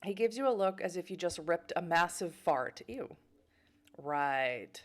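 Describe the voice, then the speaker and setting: A woman from Boston streams a story game, reading its narration aloud and breaking off for chatty, joking asides. Her voice sits slightly low for a woman. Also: lively intonation, measured pace. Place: home in Germany.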